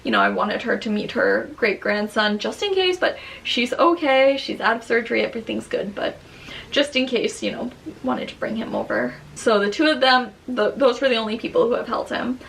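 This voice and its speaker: Rambling young woman with a gravelly edge. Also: fairly high pitch, moderate pace, fairly bright tone, a little hiss or hum. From Long Island, New York. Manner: rambling and candid, many fillers like "um" and "like". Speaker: vlogger, new mother. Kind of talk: casual chat. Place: at home near her baby's crib.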